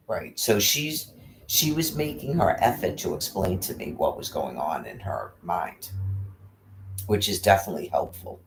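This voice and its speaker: Brief: low-voiced man in casual home chat, lively intonation, wandering and musing as he explains. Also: a little hiss or hum.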